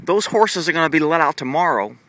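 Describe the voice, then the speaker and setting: A man's voice: fairly high pitch, expressive, brisk, fairly bright tone, no echo. A man casually commenting on his horses while filming them with a handheld camera in a muddy pasture, in a rambling, fond way full of fillers.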